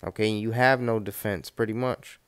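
A man teaching scripture in a preachy way, reading verses aloud loudly and tagging lines with "man" and "okay". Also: fairly low pitch, fairly even intonation, normal speed, smooth. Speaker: street preacher.

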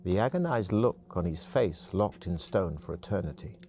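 A man narrating an interactive video adventure game in a measured storytelling manner. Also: low-pitched, lively intonation, dark tone, slight background noise.

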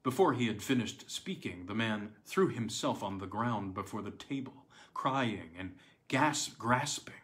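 A man narrating an audiobook of a classic tale in a measured, dramatic way. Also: fairly low pitch, animated, a bit bright. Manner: measured, dramatic storytelling with slight stumbles. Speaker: audiobook reader.

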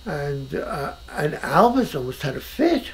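An older man talks in a relaxed conversation in his own house. His voice is rather high and gravelly, and its pitch swings widely. He speaks emphatically and often restarts his thoughts. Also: a little slow, slight background noise, low-quality recording. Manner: animated, emphatic, with many restarts. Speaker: painter being interviewed. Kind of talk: casual conversation.

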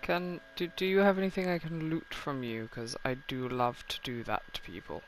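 A man's voice: fairly high pitch, lively intonation, normal speed, slight background noise, low-quality recording. A man casually commenting on a game he is playing, sarcastic and swearing freely. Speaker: let's play host.

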